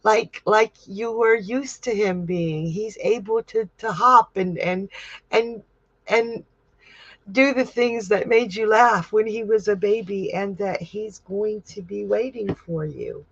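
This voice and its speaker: A woman working as a psychic medium who gives tarot readings on a livestream and reads viewer comments aloud in a gentle, comforting way. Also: mid-range voice, takes it slowly, slightly rough, no echo, highs cut off.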